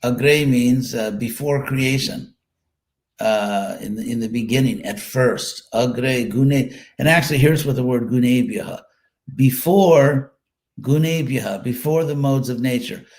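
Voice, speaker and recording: Man slowly teaching scripture, thinking aloud. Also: mid-range voice. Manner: relaxed explaining, thinking aloud with fillers and repeats. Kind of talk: live scripture class.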